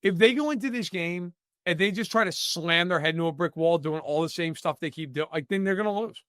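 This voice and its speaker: A man's voice: on the high side, brisk, fairly bright tone, dry recording, clean studio sound. Emphatic man analyzing football. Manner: emphatic, opinionated, many "like" fillers. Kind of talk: casual podcast chat.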